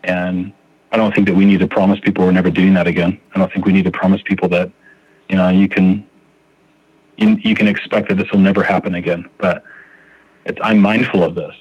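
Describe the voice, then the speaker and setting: A man's voice: low-pitched, little pitch movement, fast talker, breathy edge, no room sound, lo-fi sound. A man sharing his recovery story on a podcast, speaking earnestly and restarting his sentences often as he thinks aloud. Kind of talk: reflective recovery podcast talk.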